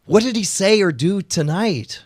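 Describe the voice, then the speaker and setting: A man hosting a podcast, commenting on a debate clip in an excitable, joking way. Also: high voice, unhurried, dry recording, studio quality. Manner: excitable, joking, laughs often. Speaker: podcast host. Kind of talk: casual commentary.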